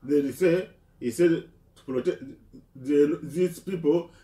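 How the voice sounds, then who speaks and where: Slow, halting man speaking from a distance. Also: fairly high pitch, dark tone. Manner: halting, repeats words and restarts. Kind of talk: impassioned speech. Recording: echoey room, voice from a distance.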